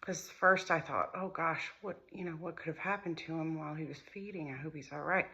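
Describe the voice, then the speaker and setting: A mother recounting a painful family crisis in a halting, emotional way. She often repeats her phrases as she tells the story. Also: low-pitched, pushed and bright, muffled recording. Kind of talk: personal storytelling to camera.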